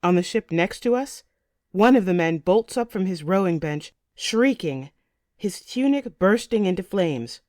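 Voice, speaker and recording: A woman's voice: lowish voice, animated, a little slow, a little mellow, no echo, clean studio sound. A woman narrating a first-person fantasy audiobook with intense, vivid storytelling.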